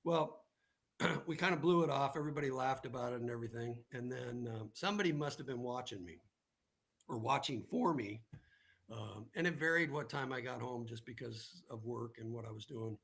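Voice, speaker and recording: A man's voice: medium pitch, normal speed, vocal fry, a bit bright. A man who is a guest on a live show, casually telling personal stories and often checking in with "right?". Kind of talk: casual storytelling in conversation.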